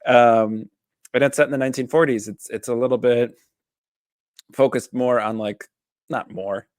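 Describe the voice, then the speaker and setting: A man's voice: mid-range voice, fairly even intonation, moderate pace, no echo, clean studio sound. A man, a therapist, chatting casually as he reviews a TV series, rambling with lots of fillers and self-corrections.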